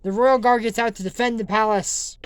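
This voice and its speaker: A man's voice: high-pitched, fairly even intonation, brisk, smooth. A man hosting a casual, rambling recap of a cartoon episode, acting out the characters as he goes. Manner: rambling, restarts, acts out the characters.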